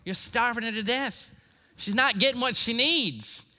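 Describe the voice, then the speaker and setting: A man's voice: very high-pitched, unhurried, bright, forceful tone, voice pushed up, full character voice. A man voicing an elderly Southern grandmother with a Mississippi accent, talking bluntly. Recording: long hall reverb.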